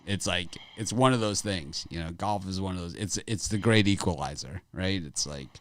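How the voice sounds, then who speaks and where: A man's voice: deep voice, normal speed. A middle-aged man hosting a sports betting show, talking casually in a rambling way and laughing often. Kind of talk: casual chat.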